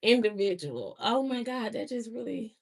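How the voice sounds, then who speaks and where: Excitable high-voiced woman on livestream. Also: normal speed, gravelly. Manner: emotional and excitable, laughing, slangy. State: close to tears. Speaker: livestream host. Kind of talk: casual livestream chat.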